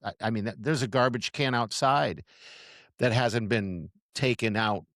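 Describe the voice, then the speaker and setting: A middle-aged man co-hosting a chatty podcast, rambling along with lots of restarts and laughter. His voice sits at an ordinary pitch, and the recording is close and dry with no room sound. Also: measured pace, fairly bright tone, no room sound. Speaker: podcast co-host. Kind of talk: casual chat.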